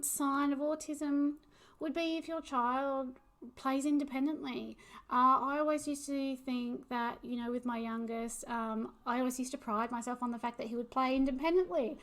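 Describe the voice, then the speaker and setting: A woman's voice: high voice, fairly even intonation, moderate pace. A woman in her forties talking casually to camera as a parent, unscripted and hesitant, with many fillers. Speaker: vlogger and parent of autistic children.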